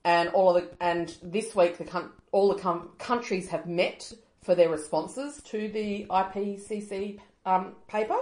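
An Australian woman co-hosting a podcast in casual chat, animated and fired up about the environment. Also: medium pitch, measured pace, few pauses, echoey room, poor audio. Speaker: podcast co-host.

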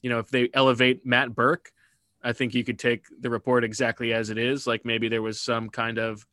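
A man's voice: mid-range voice, flat delivery, a little fast, sharp tone, no room sound. Man hosting a dry-sounding sports podcast. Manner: conversational, leads segments, plugs the site. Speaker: podcast host. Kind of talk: casual sports podcast chat.

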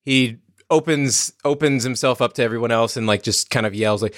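A man's voice: medium pitch, fairly quick, a bit bright, no room sound, clean studio sound. A man playing in a tabletop game, describing his character's actions loosely with restarts. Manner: loose and hesitant, with restarts and laughs. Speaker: player. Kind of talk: casual tabletop play.

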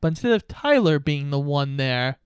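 Young man with a smooth, slightly high voice. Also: moderate pace, dry recording. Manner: relaxed recapping of plot. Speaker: podcast co-host. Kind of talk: casual movie discussion.

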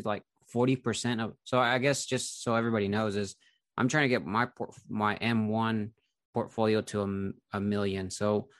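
A man's voice: fairly low pitch, fairly bright tone, dry recording, clean studio sound. A man who runs an investing channel, talking in an easygoing, chatty way with many filler words during a casual conversation. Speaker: investing YouTuber. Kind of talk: casual conversation between creators.

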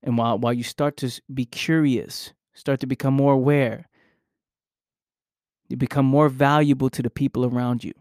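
A man's voice: mid-range voice, fairly even intonation, normal speed, a little mellow, no echo, studio quality. A man hosting a podcast, giving an earnest, emphatic motivational talk, repeating key phrases and swearing casually. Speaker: podcast host. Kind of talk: motivational monologue.

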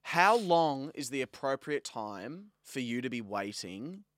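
A man's voice: medium pitch, very animated, unhurried, fairly bright tone, dry recording, studio quality. A young man co-hosting a casual podcast, arguing his point with playful mock outrage. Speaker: podcast co-host. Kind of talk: casual chat.

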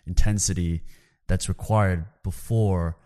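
A man with a very deep voice hosts the interview. He asks long, rambling questions and answers the guest with short affirming sounds. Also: fairly even intonation, takes it slowly, dark tone. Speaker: podcast host. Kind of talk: podcast interview.

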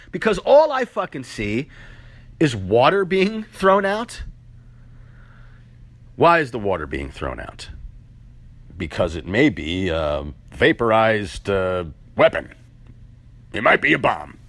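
A man's voice: fairly high pitch, a bit bright. A man in a heated, profane ranting monologue, firing off rhetorical questions. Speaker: vlogger.

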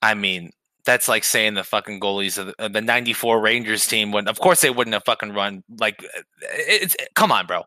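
A man's voice: on the low side, normal speed, pushed and bright, dry recording. A man co-hosting a podcast in casual chat, blunt and swearing casually. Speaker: podcast co-host.

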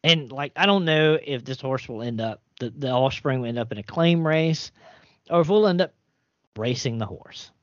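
Male podcast host, loose rambling chatter, lively swooping pitch, dull dry recording. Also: moderate pace, no echo. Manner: rambling, animated storyteller with restarts and cursing. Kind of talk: casual chat.

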